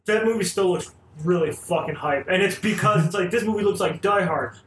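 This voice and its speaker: A man co-hosting a podcast in casual chat, excited and swearing a lot. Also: high voice, a little fast, reverberant. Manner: excited, profane. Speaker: podcast co-host.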